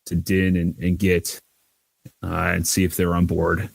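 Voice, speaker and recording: Low voiced guy at a dnd table, dry close sound, keeps restarting his sentences. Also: monotone, a little slow, creaky, slightly rough, no room sound. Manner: hesitant, many restarts, acts out shouted lines. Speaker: player. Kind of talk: tabletop role-play, in and out of character.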